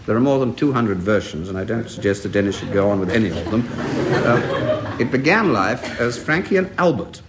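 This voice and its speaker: A man hosting a radio panel quiz and reading verse aloud in a measured way, enjoying the quotations. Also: fairly low pitch, lively intonation. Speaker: quiz host. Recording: faint hiss of an old radio tape. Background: studio audience laughter.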